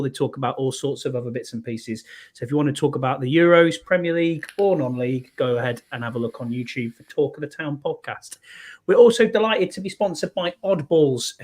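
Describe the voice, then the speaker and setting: A man in his forties hosts a laid-back sports podcast, his voice sitting a little higher than most men's. He talks in a chatty, upbeat way, running through sponsor reads and the week's news. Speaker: podcast host. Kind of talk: casual podcast chat.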